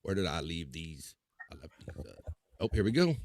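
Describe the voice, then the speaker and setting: A man's voice: low voice, big pitch swings, moderate pace, a little mellow, no echo, studio quality. A man hosting a casual live chat show, reading viewer comments aloud in a loose, upbeat way with playful filler sounds.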